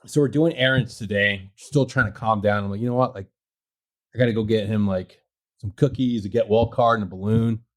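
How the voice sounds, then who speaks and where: A man's voice: on the low side, a little fast. A man co-hosting a podcast in casual chat, telling a rambling story full of swearing. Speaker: podcast co-host.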